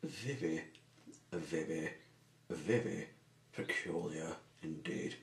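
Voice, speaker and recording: A man narrating a homemade toy-train story in a halting way, with many fillers and repeated words. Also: extremely low pitch, gravelly, reverberant, a little hiss or hum.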